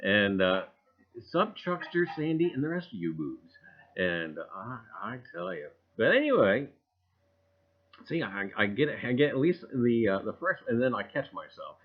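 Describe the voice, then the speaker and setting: A man hosting a casual livestream, rambling and greeting viewers by name with loud cheerful bursts. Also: fairly low pitch, sing-song, measured pace. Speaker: livestream host. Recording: dull lo-fi stream audio.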